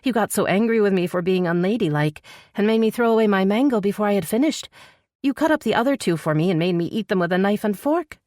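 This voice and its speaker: A woman's voice: medium pitch, lively intonation, quick pace, a little mellow, no echo, clean studio sound, voice pushed up, natural voice. A woman voicing a young, innocent princess, eager and a little trembling. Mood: indignant. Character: young innocent princess, bold yet nervous.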